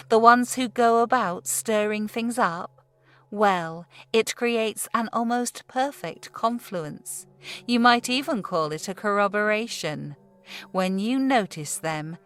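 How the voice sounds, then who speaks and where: A woman voicing an old male pub landlord with a broad Yorkshire accent, speaking slowly and deliberately, calm and ominous. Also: fairly low pitch. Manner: broad dialect, slow and deliberate.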